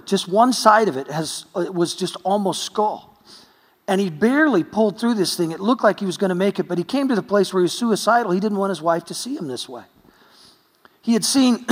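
A man's voice: high-pitched, in a large hall. A man preaching a sermon as pastor, telling stories earnestly with touches of light humor.

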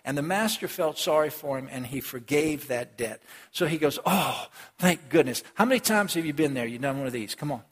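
A man's voice: fairly high pitch, a little fast. A man preaching a sermon, talking straight to the congregation and acting out the characters of a story. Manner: animated, acts out characters, addresses congregation directly. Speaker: pastor. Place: church. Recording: long hall reverb.

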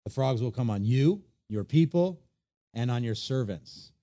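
Mellow-voiced man preaching animatedly. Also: medium pitch, a little slow. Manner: animated, acts out quoted voices. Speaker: pastor. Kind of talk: sermon.

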